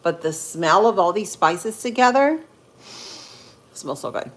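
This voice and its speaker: A woman in her thirties from Central Florida hosts a casual livestream, chatting with viewers as she cooks. She talks at an unhurried pace, pausing and filling gaps as she thinks aloud. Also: lowish voice, expressive. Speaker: livestream host. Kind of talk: casual live-stream chat while cooking.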